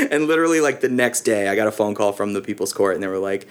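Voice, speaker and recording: A young man as a guest in a casual chat, telling a story in a relaxed way with lots of filler words and laughter. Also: mid-range voice, fast.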